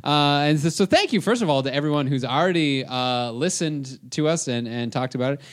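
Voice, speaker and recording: A man's voice: a little high, brisk. A man co-hosting a podcast in casual chat, rambling with many fillers and frequent laughs. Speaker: podcast co-host.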